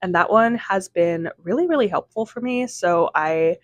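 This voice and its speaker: A vlogger and aspiring novelist talks casually to her camera at home, wandering from point to point with lots of "um" and "like." She has a fairly low-pitched voice at normal speed, with no room sound.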